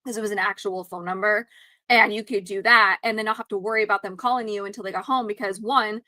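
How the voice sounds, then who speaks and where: A woman's voice: medium pitch, steady tone, fast, bright, forceful tone, dry recording. A woman co-hosting a casual chat show, talking in an emphatic, outspoken way and swearing freely. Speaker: podcast co-host.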